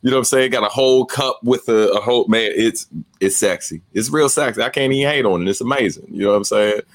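A man's voice: medium pitch, fast talker, dry recording. A man co-hosting a podcast, telling stories in a laid-back, slangy way with frequent laughter. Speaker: podcast co-host. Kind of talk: casual chat.

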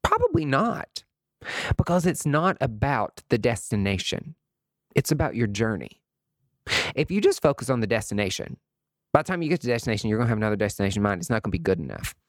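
A man in his late thirties hosting a podcast, talking in an expressive, emotional and chatty way, full of fillers and asides. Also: mid-range voice, quick pace, no room sound, studio quality. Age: late 30s. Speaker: podcast host. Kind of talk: reflective solo podcast monologue.

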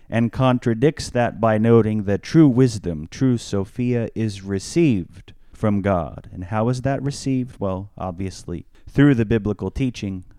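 A man, a priest, explaining scripture on a podcast in a measured, teacherly way, stressing key words. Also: fairly low pitch, mellow, no echo, studio quality.

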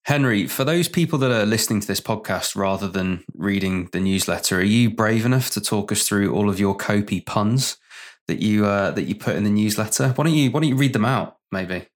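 A man's voice: fairly low pitch, normal speed. A man hosting a podcast, introducing stories in casual chat with jokey asides. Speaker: podcast host.

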